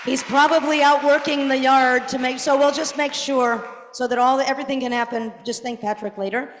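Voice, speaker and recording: A woman's voice: high voice, fairly even intonation, moderate pace. Middle-aged woman rabbi giving a gala tribute. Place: large banquet hall. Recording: echoey hall with crowd murmur. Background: faint crowd noise.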